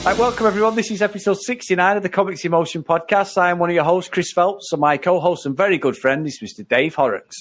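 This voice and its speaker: A man's voice: high voice, fast talker, hardly any pauses, faint music behind. A man hosting a podcast, playful and fond of impressions. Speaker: podcast host. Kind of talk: casual chat.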